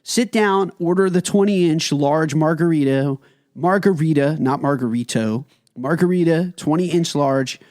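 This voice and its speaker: A man's voice: on the high side, normal speed, hardly any pauses, a little mellow, no room sound, studio quality. A man co-hosting a food podcast, telling stories with emphatic enthusiasm. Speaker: podcast co-host. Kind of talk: casual food podcast chat.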